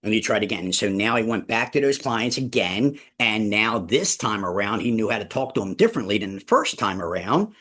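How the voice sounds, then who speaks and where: Husky-voiced man leading a team meeting. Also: lowish voice, lively intonation, a little fast, hardly any pauses. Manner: emphatic, repeats key phrases, addresses listeners as ladies and gentlemen. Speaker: real estate team leader and instructor. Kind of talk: motivational team meeting talk.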